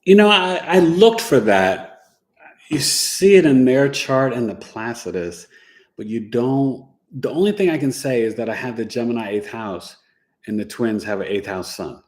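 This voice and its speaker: A man hosting a casual podcast, telling animated family anecdotes with laughs and sound effects. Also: mid-range voice, normal speed. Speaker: podcast host and astrologer. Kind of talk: casual storytelling chat.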